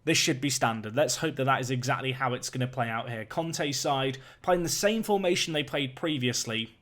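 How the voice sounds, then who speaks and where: A young man giving lively play-by-play commentary on a football management video game, climbing in excitement on big chances. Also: mid-range voice, normal speed.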